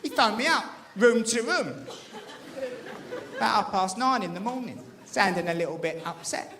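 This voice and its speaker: A stand-up comedian, telling a brash, mock-panicked story on stage. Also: male voice, high voice, lively intonation, moderate pace, crowd noise. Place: live comedy venue with audience. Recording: loud audience laughter, noisy live room.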